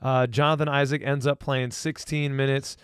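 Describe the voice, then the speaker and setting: A man co-hosting a casual sports podcast, talking as an enthusiastic, excited fan. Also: medium pitch, normal speed, smooth, no echo, clean studio sound. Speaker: podcast co-host.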